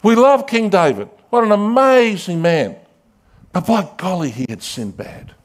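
A male pastor preaching a sermon, dramatic, swinging from loud calls to hushed asides and acting out quoted voices. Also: high voice, big pitch swings, measured pace.

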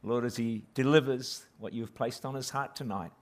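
A guest pastor speaking at a church service, opening with a self-deprecating joke and then praying earnestly. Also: male voice, medium pitch, moderate pace. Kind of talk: sermon opening and prayer.

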